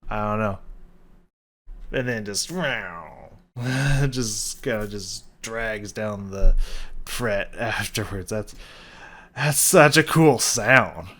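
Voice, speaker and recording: A man's voice: lowish voice, drawn-out words, a bit bright. A man giving casual, enthusiastic commentary while reacting to a song, swearing freely and padding his talk with fillers. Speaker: music reaction youtuber.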